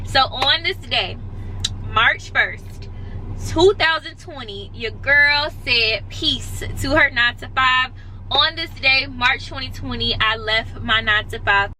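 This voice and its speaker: A woman talks casually to her viewers from a moving car. Her voice sits a little high and she sounds close to tears. Traffic noise is clearly heard behind her. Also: slow, pushed and bright, poor audio. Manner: chatty, emotional, addresses viewers as y'all. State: near tears. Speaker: vlogger. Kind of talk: casual vlog chat.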